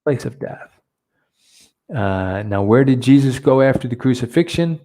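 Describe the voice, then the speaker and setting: A man teaching a Bible lesson, halting often with fillers and restarts. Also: mid-range voice, expressive, warm tone. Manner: hesitant, many fillers and restarts, switching between two languages.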